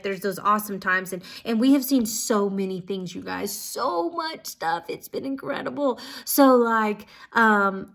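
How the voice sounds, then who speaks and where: A woman telling stories of answered prayer to her viewers, casual and excited, with lots of "um"s and "like"s. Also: mid-range voice, creaky. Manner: excited, filler-heavy, many "like"s and "um"s. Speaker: ministry school student. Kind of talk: casual testimony storytelling.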